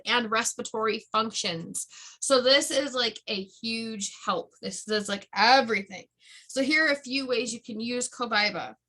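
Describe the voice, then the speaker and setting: A woman's voice: on the high side, bright, forceful tone, low-quality recording. A woman casually explaining product uses in a chatty way, often tripping over words and correcting herself. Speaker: essential oils presenter. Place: her room at home.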